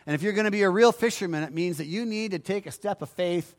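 A man's voice: high-pitched, fast, hardly any pauses. A middle-aged male pastor preaching a sermon, emphatic and repetitive, asking the congregation for agreement.

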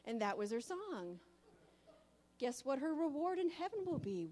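Woman preaching, animated storyteller, kinda high voice. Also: moderate pace, long pauses. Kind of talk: sermon.

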